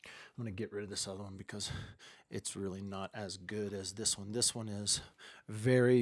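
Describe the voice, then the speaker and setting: A man's voice: lowish voice, little pitch movement, moderate pace, a bit bright, no echo. A man hosting a casual livestream, talking straight to his camera in a chatty, rambling storytelling way. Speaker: livestream host. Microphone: webcam or phone camera at close range.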